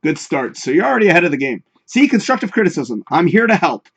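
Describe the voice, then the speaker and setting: A man's voice: on the high side, very animated, fast talker, fairly bright tone, husky. A man hosting a livestream show, chatting casually, swearing freely and reading viewer comments aloud with jokey advice. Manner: profane, chatty, laughs often, reads viewer comments aloud.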